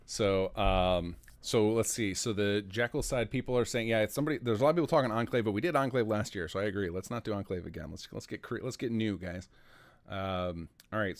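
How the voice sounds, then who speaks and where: A man hosting a modding livestream, chatting casually and enthusiastically with his guest. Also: fairly low pitch. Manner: enthusiastic, organizing. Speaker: stream host, game modder.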